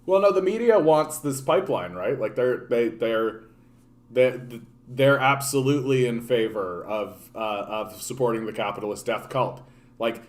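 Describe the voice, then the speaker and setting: A man from Canada hosting a political livestream, ranting casually with profanity and many restarts. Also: medium pitch. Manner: profane, animated, repeats and restarts words.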